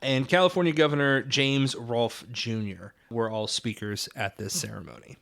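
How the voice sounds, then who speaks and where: A man co-hosting a podcast on classic film, sounding relaxed and conversational. He thinks aloud and pauses on small fillers. His voice sits at an ordinary mid-range pitch. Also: vocal fry. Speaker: podcast co-host. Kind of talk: casual film-history chat.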